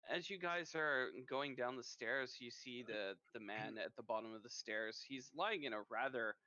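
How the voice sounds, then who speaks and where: A man with a Norwegian accent narrating a tabletop game as game master in a lively storytelling manner. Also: medium pitch, moderate pace, no room sound. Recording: muffled lo-fi mic.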